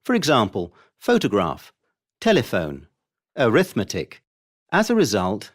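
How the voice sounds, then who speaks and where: A man reading scripted vocabulary lessons, pronouncing pairs of words with deliberately contrasting stress. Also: medium pitch. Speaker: audio narrator for a vocabulary course.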